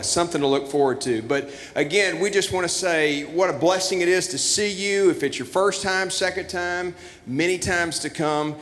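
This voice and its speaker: A man emcees a church Christmas show from the stage, playing flustered as he reads cards aloud. His voice sits a little high. The sound rings with long reverb in a big auditorium. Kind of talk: comedic stage hosting.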